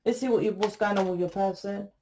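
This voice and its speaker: A woman's voice: mid-range voice, fairly even intonation, fast, background noise. Woman, tarot reader, blunt, sweary and preachy, casual monologue. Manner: blunt, profane, lecturing the viewer.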